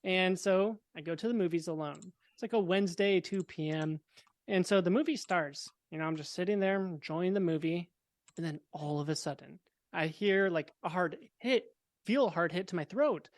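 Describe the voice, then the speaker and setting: A young man, a podcast guest, telling a personal story in a relaxed, casual way with wry, deadpan dark humor. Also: high voice, normal speed, no room sound.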